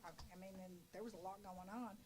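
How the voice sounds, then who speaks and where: A woman board member speaking with halting enthusiasm, full of admiration, at a public meeting. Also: medium pitch, steady tone, darkish tone, a little hiss or hum, poor audio.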